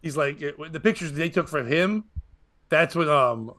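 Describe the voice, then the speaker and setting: A man's voice: on the high side, moderate pace, dry recording. A man who hosts a podcast and works as a comedian, telling stories in casual chat and acting out the voices of people he quotes. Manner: animated, acts out quoted voices.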